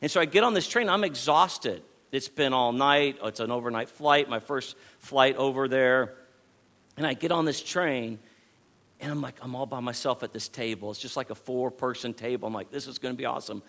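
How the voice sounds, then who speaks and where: A man from Texas, preaching a sermon in an animated way, often restarting and repeating phrases. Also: medium pitch, moderate pace.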